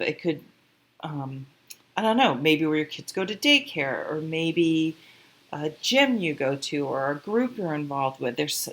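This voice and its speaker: Low-pitched woman, casual tarot reader, rambling and emotional, close mic. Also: a bit bright. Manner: chatty, rambling, emotional, with fillers and swearing. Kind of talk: casual tarot reading monologue.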